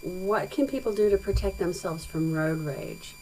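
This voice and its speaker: A woman with a lowish voice hosts a talk radio interview. She asks short questions and acknowledges the answers briefly, with a faint hum underneath. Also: normal speed, mellow, poor audio. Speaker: host.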